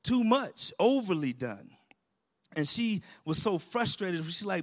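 A middle-aged man preaching in a church sanctuary, his voice sitting a little high for a man. He talks lively and colloquially, laughs along with the congregation and calls out amens between points. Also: a little slow. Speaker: pastor. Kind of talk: sermon.

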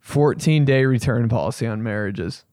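A man hosting a comedy podcast, riffing in a casual, animated way and swearing freely. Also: medium pitch, normal speed, no room sound, studio quality.

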